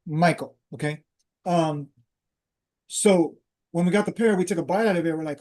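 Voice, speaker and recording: A man's voice: on the high side, moderate pace, a little mellow. A man hosting a talk, casually telling a personal story and drifting into spiritual teaching, with many fillers and restarts. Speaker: host.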